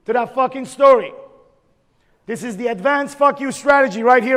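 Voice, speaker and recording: A man's voice: very high voice, moderate pace, fairly bright tone. A man leading a motivational seminar from the stage, giving blunt, profane, drill-like commands. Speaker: seminar leader. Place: large event hall. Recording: echoey hall with a live audience.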